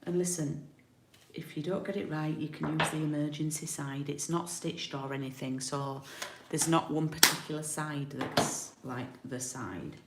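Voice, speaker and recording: Card-making demonstrator from the UK: a low, gravelly woman who chats and thinks aloud in a roomy room. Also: fairly even intonation, normal speed, very noisy. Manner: chatty, thinks aloud while working. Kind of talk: live craft tutorial. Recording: roomy home recording.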